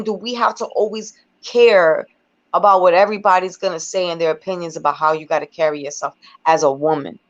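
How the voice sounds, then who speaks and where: Blunt low-voiced woman rapper, lo-fi. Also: fairly even intonation, fairly quick. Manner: blunt, profane, emphatic. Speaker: guest rapper. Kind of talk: casual interview chat. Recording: dull lo-fi recording.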